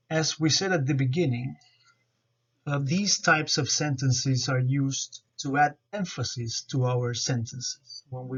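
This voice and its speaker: Man, student presenter, slow careful explanation, dull lo-fi recording. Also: mid-range voice. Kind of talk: explaining grammar over slides.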